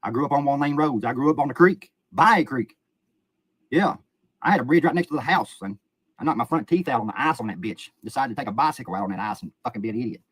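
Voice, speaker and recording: A man's voice: mid-range voice, husky, no echo. Profane, rambling Kentucky man, dry sound. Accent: Appalachian Kentucky. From Eastern Kentucky, USA. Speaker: livestreamer. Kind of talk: casual livestream chat. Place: outdoors by a river.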